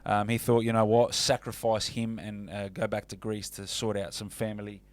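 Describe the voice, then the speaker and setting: A man's voice: on the low side, flat delivery, moderate pace, no room sound. A man co-hosting a casual sports radio show, chatty and matey. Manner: chatty, calls co-host mate.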